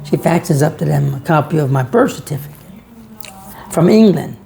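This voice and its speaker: Brief: a gravelly man ranting sarcastically to camera, lots of rise and fall in pitch. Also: animated, normal speed, warm tone, slight background noise. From Georgia, USA. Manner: sarcastic, rhetorical, storytelling. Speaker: vlog host. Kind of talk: ranting monologue.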